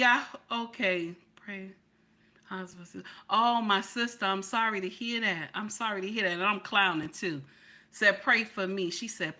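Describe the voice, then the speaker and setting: A middle-aged woman hosts a casual livestream, loud and playful as she reads and answers her chat. Her voice is bright and forceful, sitting at an ordinary pitch for a woman. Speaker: livestream commentary host.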